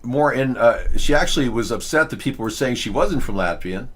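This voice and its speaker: A man's voice: mid-range voice, expressive, a little fast, slight background noise. A man hosting a live video chat show, rambling casually with many fillers and restarts. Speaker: host.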